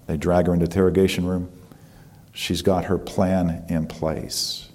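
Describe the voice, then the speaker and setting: A man preaching, telling a dramatic story with fillers and pauses. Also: sits low, flat delivery, a little mellow. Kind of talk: sermon storytelling.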